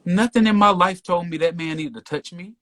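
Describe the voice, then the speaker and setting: A man telling a story as a podcast guest in casual talk, getting loud and worked up as he retells it. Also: sits high, a little fast. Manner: animated, rising to near shouting when retelling the stop.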